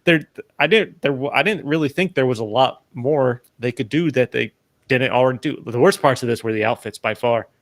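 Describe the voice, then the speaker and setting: A man's voice: mid-range voice, fairly quick, dry recording. A man in his thirties co-hosting a casual movie review chat, rambling with many restarts. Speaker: podcast co-host.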